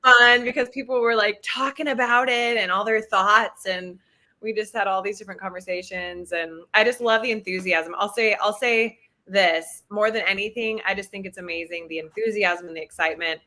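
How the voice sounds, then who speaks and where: A woman's voice: medium pitch, steady tone, normal speed, pushed and bright. A woman in her thirties, a guest actress chatting enthusiastically in an interview, with lots of fillers. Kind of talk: casual interview chat.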